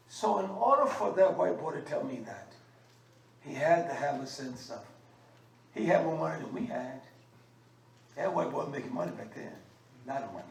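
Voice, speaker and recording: Male religious teacher, emphatic and scolding; higher voice; roomy echo with faint background noise. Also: expressive, moderate pace, creaky, long pauses. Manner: emphatic and scolding, with frequent uh fillers. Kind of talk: fiery sermon teaching. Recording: echoey room, mic at a distance, faint background noise.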